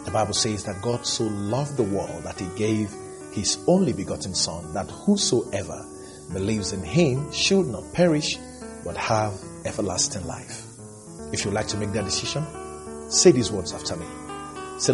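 A man leading a scripted closing prayer on a religious broadcast, with a measured, expressive delivery. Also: fairly low pitch, over music. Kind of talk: scripted altar-call prayer.

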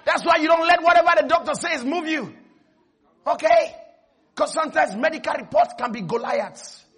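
A male pastor preaching a lively sermon, often shouting and breaking into laughter. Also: very high-pitched, normal speed. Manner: animated, shouting, laughing at his own points.

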